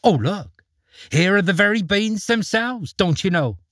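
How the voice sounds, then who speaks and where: A man's voice: sits high, expressive, unhurried, fairly bright tone, dry recording, studio quality, pitched above the performer's own voice. A man doing a sly, wheedling old peddler. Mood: coaxing. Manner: coaxing, old-fashioned country talk.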